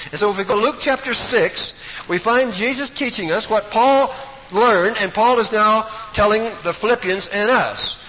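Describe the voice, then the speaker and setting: A man's voice: sits high, sharp tone. A man preaching a sermon in an emphatic, storytelling way, recorded in a hall. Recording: echoey hall, faint room noise.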